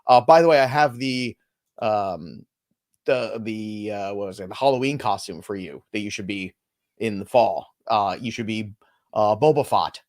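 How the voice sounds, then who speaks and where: A man's voice: lowish voice, darkish tone. Guy cohosting a baseball stream, loose jokey chat, goes off on tangents. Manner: loose, joking banter with quick asides. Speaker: fantasy baseball co-host. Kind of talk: casual live-stream chat.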